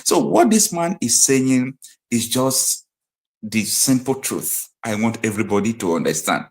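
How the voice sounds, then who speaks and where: A man's voice: mid-range voice, very animated, unhurried, gravelly. A man with a Nigerian accent hosting a live political commentary stream, emphatic and hammering his points home by repeating them. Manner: emphatic, repeats key phrases like a preacher.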